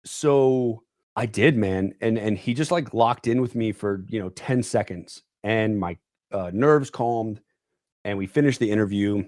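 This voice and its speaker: A man's voice: on the low side, measured pace, darkish tone, no echo, clean studio sound. A young man guesting on a podcast, telling a rambling story and leaning on "like" and "dude". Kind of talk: casual storytelling chat. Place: podcast studio.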